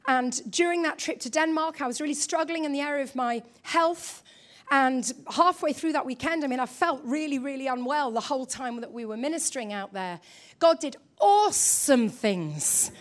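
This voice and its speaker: A woman preacher with a very high voice delivers a sermon in an animated, emphatic way. She acts out her own quoted thoughts and often calls out questions to the congregation.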